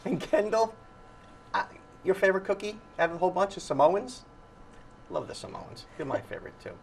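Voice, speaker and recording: A man's voice: high-pitched, lively intonation, a little fast, vocal fry. Chatty guy hosting morning tv, echoes what guests say, bit of noise in the studio. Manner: chatty, repeats guests' words back. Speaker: morning show host. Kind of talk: casual TV interview.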